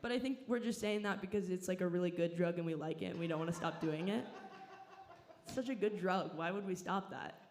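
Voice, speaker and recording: A young woman with a Southern Californian accent doing a stand-up set in a comedy club, in a slow, laid-back, deadpan drawl. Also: lowish voice. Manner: drawling, laid-back delivery that sounds stoned.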